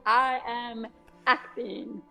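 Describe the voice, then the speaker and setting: A woman guest in a casual interview, speaking with a deaf accent that makes some sounds slightly different, chatty and quick to laugh at herself. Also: a little high, fairly even intonation, gravelly, bright, forceful tone, faint music behind. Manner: chatty, laughs often, self-deprecating asides. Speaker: guest author.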